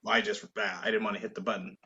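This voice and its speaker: A man's voice: on the low side, big pitch swings, fast talker, sharp tone, lo-fi sound. A man co-hosting a podcast in casual chat, talking hesitantly with many fillers. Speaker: podcast co-host.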